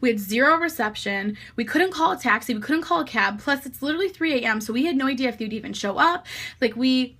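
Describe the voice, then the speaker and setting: A young woman vlogger tells a chaotic party story in an animated, gossipy way. She fills her speech with "like" and drops swear words without a second thought. Her voice sits slightly higher than average. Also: fast talker. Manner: animated, heavy use of "like" and swearing. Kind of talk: casual storytime vlog.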